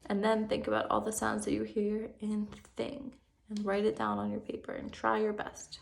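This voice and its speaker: A woman teaching a first grade spelling lesson on video, patient and encouraging, drawing words out slowly for young children. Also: mid-range voice, completely flat delivery, gravelly.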